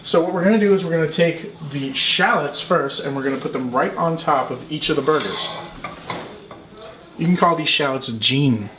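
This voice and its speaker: A man's voice: a little high, normal speed, background noise. A man hosting a casual cooking show, joking and hamming for the camera as he walks through each step. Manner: jokey and playful, hamming for the camera. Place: outdoor grill, then a home kitchen.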